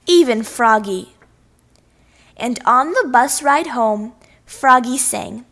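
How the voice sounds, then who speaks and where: A woman reading a children's picture book aloud, expressive and playful with sound effects. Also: fairly high pitch, slow pace. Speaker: storyteller. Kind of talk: children's story read-aloud.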